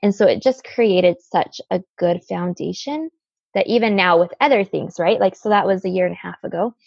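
A woman in her thirties, the guest, earnestly telling an emotional personal story with halting restarts. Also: fairly low pitch, vocal fry, darkish tone, husky, no echo. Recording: slightly dull lo-fi sound.

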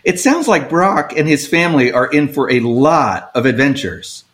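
A man hosting a children's story podcast, lively and inviting. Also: on the high side, moderate pace. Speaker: podcast host.

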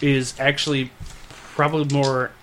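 A man's voice: mid-range voice, little pitch movement, measured pace, a bit bright, a little hiss or hum. A man running a tabletop role-playing session, talking casually with lots of fillers and restarts. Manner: rambling, filler-heavy, laughing. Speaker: game master. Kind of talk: casual tabletop game chat.

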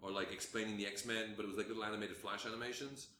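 A man's voice: on the low side, rapid-fire. A man co-hosting a podcast, rambling and swearing through casual chat. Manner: rambling, sweary, animated storytelling. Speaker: podcast co-host. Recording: roomy with faint ambient noise.

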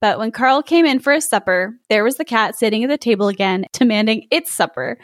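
A woman's voice: a little high, animated, a little fast, no echo, clean studio sound. A woman reading a folk tale aloud to friends, with chatty, amused asides. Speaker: story reader and host. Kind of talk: casual storytelling read-aloud.

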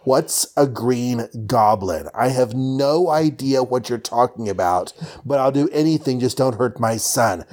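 A man's voice: medium pitch, animated, measured pace, darkish tone, close to an everyday voice. Brief: man putting on a frightened rich dad begging. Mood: pleading.

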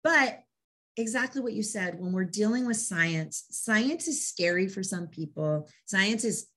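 A woman's voice: mid-range voice, a little slow. A woman who trains dogs, hosting a casual interview and telling stories with enthusiasm. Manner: enthusiastic, animated storyteller. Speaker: dog trainer and interview host.

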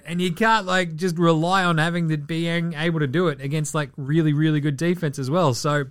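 Young male basketball podcast host, slightly higher voice, sweary and sarcastic, faint music bed. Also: a little fast, hardly any pauses, clear, resonant tone. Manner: profane, animated, sarcastic. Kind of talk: solo sports commentary podcast.

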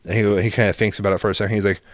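A man with a lowish voice speaks very fast, casually telling a story about his child. He animatedly acts out both sides of the dialogue and swears freely, and the recording has no echo.

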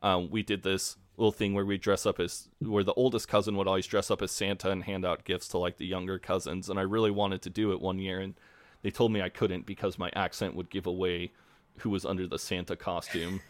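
A man's voice: deep voice, little pitch movement, brisk, no echo. A man with a Midwestern American accent, co-hosting a casual podcast in a laid-back, rambling way. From Midwestern United States. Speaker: podcast co-host.

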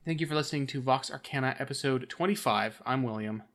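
A man hosting a podcast, reading out listener reviews and the sign-off in a brisk announcing way. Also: medium pitch, a bit bright. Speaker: podcast host.

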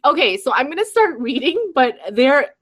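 A woman author on a show, reading aloud from her own novel in a lively, chatty way. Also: sits high, moderate pace. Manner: lively, chatty, laughs between passages. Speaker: guest author.

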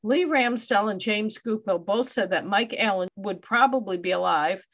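Woman, true crime podcast host, steady narration, wry asides, middle pitch. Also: moderate pace. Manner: reads case details with wry asides.

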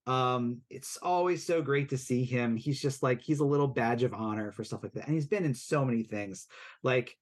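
A man's voice: mid-range voice, moderate pace. Rambling male podcast host. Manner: rambling, many fillers and restarts. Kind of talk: casual chat.

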